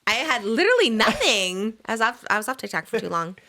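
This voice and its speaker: Podcast host, woman, thirties, lively pitch, bright tone, playful chatter. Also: fast. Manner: animated, laughing often, playful. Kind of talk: casual chat.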